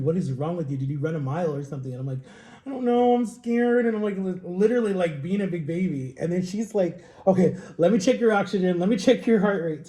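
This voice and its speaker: A young man casually telling a story while tasting wine, animated, acting out quotes with jumps in pitch. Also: reverberant. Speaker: vlogger.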